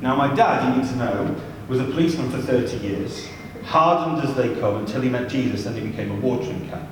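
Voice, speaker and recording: Heard from a distance in a spacious church hall full of echo, a mid-pitched male youth leader runs a seminar through brisk, funny anecdotes and side remarks. A slight background noise is present.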